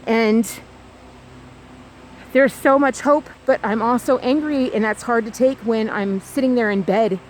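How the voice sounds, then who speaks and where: A woman's voice: on the high side, a little slow, slight background noise. A woman vlogging as she walks outdoors on a trail, recording on a handheld phone. She talks in a loose, rambling way, full of fillers and restarts. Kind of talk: rambling walking vlog.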